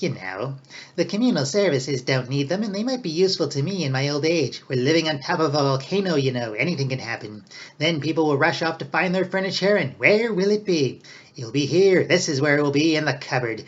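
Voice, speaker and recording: A man doing a greedy old record-keeper. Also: a little high. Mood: scheming. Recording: dull lo-fi recording.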